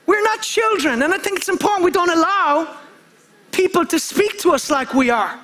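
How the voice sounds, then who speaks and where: A man's voice: extremely high pitch, expressive, normal speed, pushed and bright. A male preacher giving a fervent sermon, calling out for amens and often repeating himself and restarting his sentences. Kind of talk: impassioned sermon.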